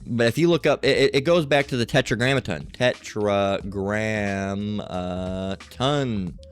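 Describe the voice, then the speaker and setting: A man's voice: mid-range voice, lively intonation, fast, soft background music. Emphatic man teaching a Bible study. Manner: emphatic, keeps checking in with "all right?" and "okay?". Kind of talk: screen-share Bible study lesson.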